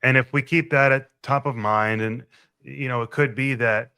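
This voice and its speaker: A male interview host who thinks out loud while he asks, circling before reaching his question. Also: medium pitch, steady tone, normal speed, smooth. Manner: hesitant, thinking aloud in questions. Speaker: show host. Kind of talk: conversational interview.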